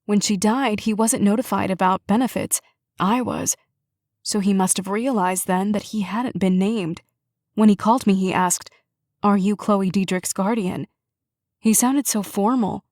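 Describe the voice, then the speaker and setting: A woman voicing a soft, quavering grieving aunt. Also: medium pitch, a little slow, no room sound, clean studio sound, lightly acted. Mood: measured, sorrowful. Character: grieving middle-aged woman, sister's guardian. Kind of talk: audiobook character reading.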